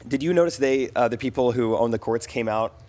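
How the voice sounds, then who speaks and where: Man, mid pitch, podcast co-host, relaxed casual chat. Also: brisk.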